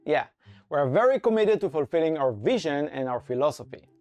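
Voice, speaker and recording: A man giving a scripted conference talk in an enthusiastic, playful, pitching manner, bantering with a co-presenter. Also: sing-song, brisk, darkish tone, no room sound. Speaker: conference speaker and framework core team member.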